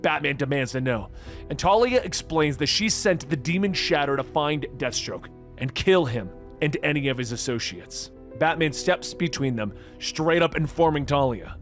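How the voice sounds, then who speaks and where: A man with a fairly high voice narrates a comic book story from start to finish. He reads each character's lines in his own steady delivery, never shifting into a new voice, while faint music plays underneath. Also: normal speed. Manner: reads every character in the same even voice.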